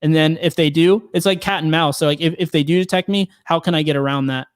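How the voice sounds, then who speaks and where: A man's voice: fairly high pitch, steady tone, fast, clear, resonant tone, dry recording, studio quality. A man working as a penetration tester, chatting casually as a guest and explaining his job with many fillers and restarts. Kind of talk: casual podcast conversation.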